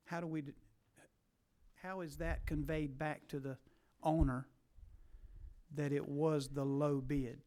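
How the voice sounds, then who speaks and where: A man's voice: a little high, level tone, slow, long pauses, dark tone. Pressing man questioning at a hearing. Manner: pressing, repeats words when stressing. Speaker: legislator questioning witnesses.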